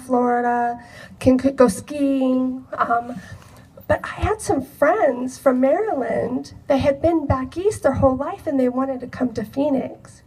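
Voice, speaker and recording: High-voiced animated woman storyteller. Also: slightly rough, distant mic, poor audio. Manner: animated, expressive, acts out quoted dialogue with laughs. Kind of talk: personal anecdote told to a live audience.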